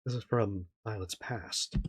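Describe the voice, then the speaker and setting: A woman's voice: a bass voice, measured pace, a little hiss or hum. A woman streamer giving casual commentary while playing a story game, joking and acting out the characters in asides. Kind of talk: casual let's-play commentary. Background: game music.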